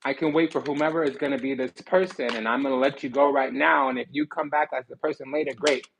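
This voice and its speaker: A man giving a sassy, animated tarot reading, blunt and swearing freely. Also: medium pitch, fast, creaky, slight background noise, poor audio. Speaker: spiritual card reader.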